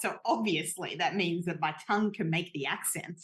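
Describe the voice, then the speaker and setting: A woman's voice: on the low side, normal speed, a bit bright. An Australian woman co-hosting a podcast, dry and self-deprecating in casual chat. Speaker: podcast co-host.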